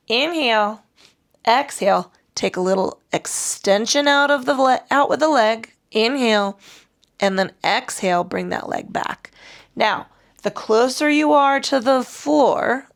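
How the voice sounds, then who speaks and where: A woman leading a mat pilates class, calmly cueing breaths and movements with chatty asides. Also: medium pitch, gravelly. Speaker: pilates instructor. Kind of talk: guided exercise instruction.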